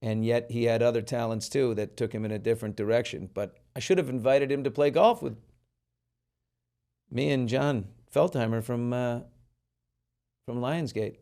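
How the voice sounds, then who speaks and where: A man's voice: mid-range voice, normal speed, vocal fry. A man hosting a talk show, chatting casually and telling stories with animation, acting out the people he quotes. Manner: animated storyteller who acts out quoted people. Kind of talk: casual chat.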